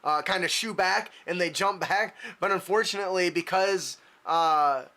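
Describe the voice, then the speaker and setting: A man running a tabletop superhero game as game master, halting with many fillers and restarts. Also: high-pitched, pushed and bright. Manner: halting, full of fillers and restarts, laughs often.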